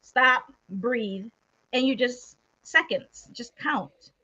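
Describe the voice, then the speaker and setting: High bright-voiced woman, lo-fi sound. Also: animated, slightly rough. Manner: laughs often, explains in quick lists. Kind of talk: casual chat. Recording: dull lo-fi sound.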